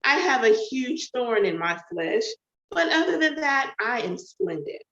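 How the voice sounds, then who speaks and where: Playful young woman read by the author, friendly and easygoing, slow delivery, roomy dull sound. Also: a little high, very animated, a bit bright. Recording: echoey, dull home recording.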